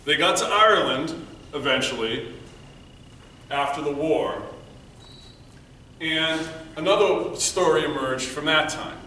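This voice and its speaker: A man giving a prepared storytelling speech at a speech contest, earnest, moving between loud emphasis and quiet, hushed passages. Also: on the high side, slow pace, long pauses. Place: meeting room before an audience. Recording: echoey room, mic from far off, faint noise.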